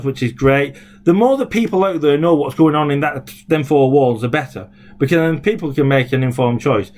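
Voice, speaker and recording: A man's voice: fairly high pitch, normal speed. A man, a former local councillor, talking indignantly in a rambling video blog full of fillers and restarts. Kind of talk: casual video blog rant.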